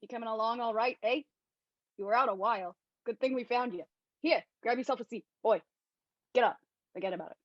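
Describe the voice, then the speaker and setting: A woman's voice: a little high, fairly quick, pauses often, dry recording, dull audio, lightly acted. A woman voicing a stout, kind-eyed man in his fifties at a script table read, telling stories in a hearty, jovial way.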